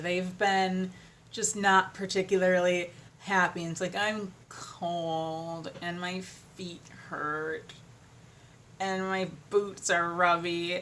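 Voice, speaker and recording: A woman's voice: medium pitch, fairly bright tone. A young adult woman vlogger in casual chat, rambling with fillers and trailing off, sounding tired.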